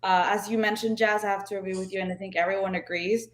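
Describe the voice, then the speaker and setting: Excitable woman co-host in an echoey room. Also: mid-range voice. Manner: excitable, quick bursts of enthusiasm. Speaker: podcast co-host. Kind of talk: casual chat. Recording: roomy, echoey room sound.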